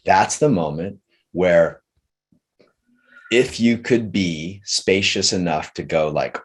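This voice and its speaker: Low-voiced guy coaching a group on relationships, slow and searching, lots of restarts. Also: slightly rough. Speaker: relationship teacher leading a group session. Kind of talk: coaching talk with a participant.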